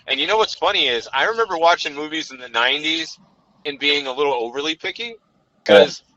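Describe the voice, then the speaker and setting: Speaking fairly quickly in a voice on the high side with a sharp tone, a man co-hosts a casual film chat while driving. He rambles, often saying "you know," and the sound is dull lo-fi with faint noise in the background.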